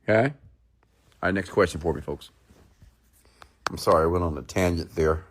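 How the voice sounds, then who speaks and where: Blunt man ranting, low voice. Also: moderate pace, long pauses. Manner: blunt, preachy, keeps checking in with "okay?"; reads out viewer comments. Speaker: host. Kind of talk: live-stream rant to viewers.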